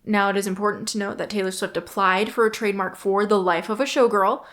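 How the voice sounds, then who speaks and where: A young woman with a light twang talks through her solo podcast episode. She rambles in a friendly, chatty way and keeps backing up to correct herself mid-sentence. Her voice sits at an ordinary middle pitch for a woman. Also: steady tone, fast, a bit bright. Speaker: podcast host. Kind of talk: casual solo podcast chat.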